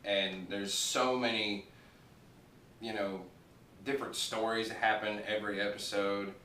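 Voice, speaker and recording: This male reviewer of TV shows has a fairly low, pushed, bright voice with a flat, unhurried delivery. He rambles casually, cursing often and chuckling at his own jokes. The sound is distant and echoey, with a little background noise.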